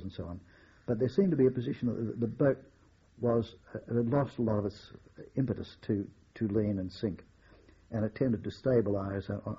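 Older man with a husky voice. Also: fairly low pitch, highs cut off. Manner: measured storytelling with wry chuckles. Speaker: war veteran recounting memories. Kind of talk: oral history recollection.

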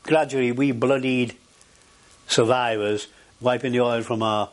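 A man's voice: mid-range voice, fairly even intonation, unhurried. An older man recalls his past in an archival oral history interview. He rambles, with many fillers and restarts, in an everyday conversational voice.

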